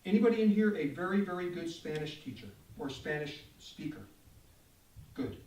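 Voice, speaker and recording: An older man leads a live guitar talk, joking and animated as he speaks straight to the crowd. His voice sits a little high for a man. The mic hangs back at a distance, so the sound carries a roomy echo. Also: normal speed. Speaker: guitar clinician. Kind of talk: live demo talk to an audience. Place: store event room with audience.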